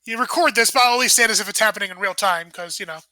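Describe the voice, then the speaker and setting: Woman game master, bright, halting and thinking aloud, dry sound. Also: medium pitch, no echo. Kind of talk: narrating a tabletop game.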